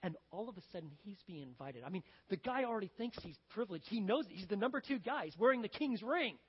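A man preaching a sermon as a pastor, telling a story in an animated, conversational way. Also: high voice, quick pace, slightly rough. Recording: dull lo-fi sound with long hall reverb.

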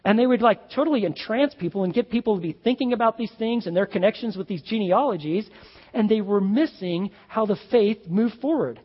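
A man's voice: high voice, fairly quick. A male pastor preaching a sermon in a conversational, emphatic way, with asides to the congregation. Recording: dull lo-fi sound in a reverberant hall.

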